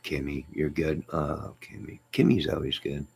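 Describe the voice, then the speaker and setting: A man's voice: very deep voice, flat delivery, moderate pace, vocal fry, a little mellow, breathy edge. A man hosting a casual live stream, reading viewer comments and joking with them in a teasing, chuckling way.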